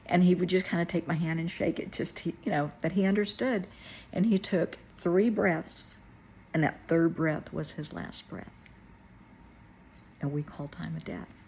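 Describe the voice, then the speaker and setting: A middle-aged woman tells a personal story, her voice gravelly and very husky. She speaks softly and tearfully, sometimes sinking to a whisper, with a fairly low pitch. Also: moderate pace. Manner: tearful, soft-spoken, drops to a whisper at moments. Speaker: therapist.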